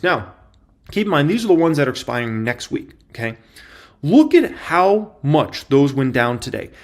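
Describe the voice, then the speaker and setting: A man giving casual stock market commentary in an emphatic, excitable way, repeating his points for effect. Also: a little high.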